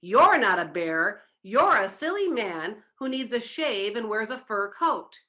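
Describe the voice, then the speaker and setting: A woman's voice: medium pitch, expressive, slow pace. A woman voicing a bossy, angry male factory foreman who scolds and mocks. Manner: loud, scolding, mocking laughter.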